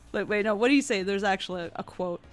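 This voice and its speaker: A woman's voice: mid-range voice, fast, a loud crowd. A woman on an animation crew telling a rambling story in casual stream chat, laughing often.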